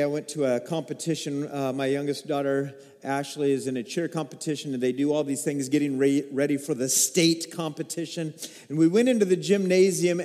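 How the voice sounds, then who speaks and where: Man, pastor, sermon, high voice, mellow tone, emotive storytelling, long hall reverb. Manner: emotive storytelling, rising to excited peaks.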